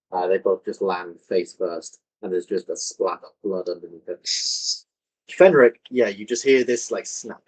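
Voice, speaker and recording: A man narrating as dungeon master in a relaxed, matter-of-fact way. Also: fairly low pitch, low-quality recording. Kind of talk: narrating a tabletop game.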